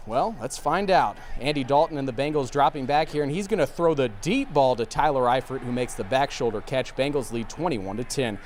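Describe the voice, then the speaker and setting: A man anchoring sports highlights on a TV newscast from a news studio, upbeat and playful, calling the plays with quick quips. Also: expressive, a little mellow, slight background noise.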